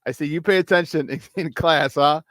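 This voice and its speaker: A male sports radio host with a slightly higher voice, talking fast and energetically and laughing often. He hypes up the show and tells stories from his own playing days. The sound is dry and close, with no room behind it. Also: a bit bright, dry recording. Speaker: former football player. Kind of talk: casual sports talk monologue.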